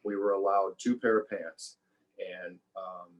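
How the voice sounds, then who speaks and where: A man speaking as a podcast guest, talking in a relaxed, reflective way and often repeating words while he gathers his thoughts. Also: low voice, a little slow, highs cut off. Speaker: podcast guest, former survival show contestant. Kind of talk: casual conversational interview.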